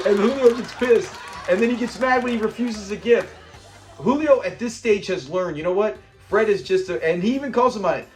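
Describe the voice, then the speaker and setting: A man's voice: high-pitched, animated, a little fast, faint music behind. A man hosting a casual episode recap, retelling scenes with animation and acting out the characters' lines. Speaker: show recap host.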